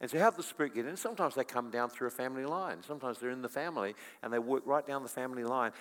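A middle-aged man preaching a sermon, telling stories and swinging from quiet to loud. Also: mid-range voice, very fast. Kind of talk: sermon with storytelling. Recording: long echo of a large hall.

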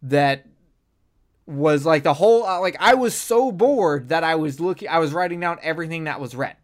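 A podcast co-host in a casual film review chat, talking in an animated, profane and rambling way. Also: mid-range voice, moderate pace.

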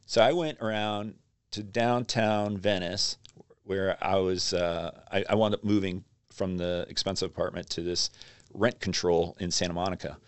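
A man's voice: deep voice, moderate pace, smooth, dry recording. A man, a magazine publisher, casually telling stories as a podcast guest and acting out what people said. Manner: animated storyteller acting out quotes. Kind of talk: casual storytelling interview.

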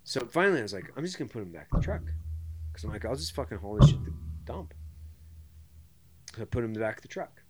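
A man hosting a podcast, telling a profane, animated story in casual chat. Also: medium pitch, fast talker, pauses often, slightly rough. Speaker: podcast host.

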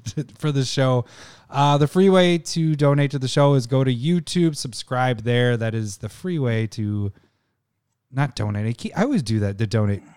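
A man's voice: mid-range voice, normal speed, a little mellow, clean tone, no echo, studio quality. A man co-hosting a podcast in casual chat, joking and laughing often. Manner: joking, laughs often, bits of silly voices. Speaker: podcast co-host.

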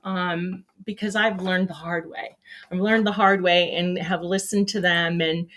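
A woman's voice: on the low side, steady tone, unhurried, fairly bright tone. Rambling upbeat woman hosting a show. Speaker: livestream show host. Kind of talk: casual chat.

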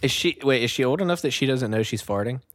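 A man hosting a podcast in a studio, chatting casually with quick joking asides. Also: medium pitch, lively intonation, no echo. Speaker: podcast host.

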